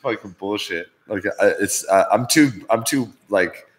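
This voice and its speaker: A man's voice: lowish voice, measured pace, rough recording. A man hosting a live-stream show, chatting casually in a profane, rambling, jokey way. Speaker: podcast host.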